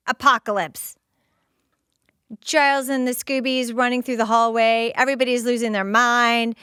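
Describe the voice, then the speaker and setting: A woman podcast host giving excited, casual play-by-play commentary while rewatching a TV episode. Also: fairly high pitch, clean tone, no echo, clean studio sound. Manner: excited, gushing, narrating scenes as they happen.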